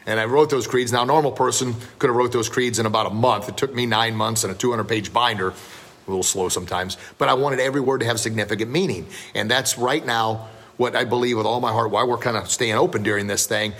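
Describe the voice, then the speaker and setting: A man's voice: mid-range voice, fairly even intonation, fast, fairly bright tone. A man in his fifties hosting a podcast as a martial arts instructor, telling stories in a joking, self-deprecating, folksy way. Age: 50s. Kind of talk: casual storytelling podcast.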